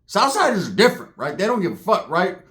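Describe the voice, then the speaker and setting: A man's voice: sits high, sing-song, fast talker, a bit bright, slight background noise. A man telling a street story in a casual, profane way, laughing and acting out the people in it. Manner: streetwise, profane, laughing, acts out other voices.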